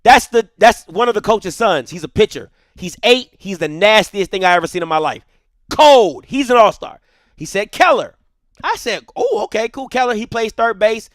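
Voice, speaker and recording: A man in his thirties hosting a show, retelling a story in an animated, heated way. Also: high voice, moderate pace, no echo, clean studio sound. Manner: heated, emphatic retelling with quoted dialogue. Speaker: show host.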